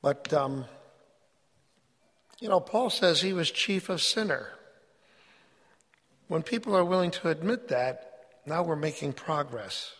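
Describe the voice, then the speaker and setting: A man's voice: on the high side, expressive, slow pace, pauses often, a bit bright, in a large hall. A man preaching a sermon in an earnest, emphatic way, reading scripture aloud between his points.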